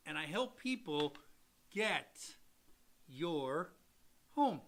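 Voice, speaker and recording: A middle-aged loan officer co-hosts a casual livestream, answering viewer questions in an animated, salesy manner. His voice sits a little high, and he talks extremely slowly.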